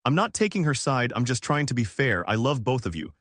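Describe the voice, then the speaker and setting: A man's voice: medium pitch, big pitch swings, a little fast, fairly bright tone, no echo, studio quality. A man voicing a firm, placating middle-aged mother who refuses to take sides. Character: stern, even-handed middle-aged mother.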